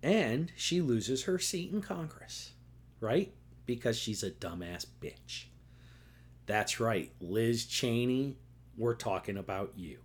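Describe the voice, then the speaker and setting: Man, podcast host, slow deliberate delivery, angry profane rant, keeps asking okay. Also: mid-range voice, expressive.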